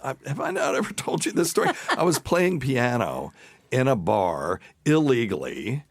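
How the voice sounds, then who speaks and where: A man's voice: medium pitch, wildly swooping pitch, moderate pace, no room sound, clean studio sound. A middle-aged man hosting a podcast, telling a crude, rambling anecdote in casual chat. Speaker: podcast host.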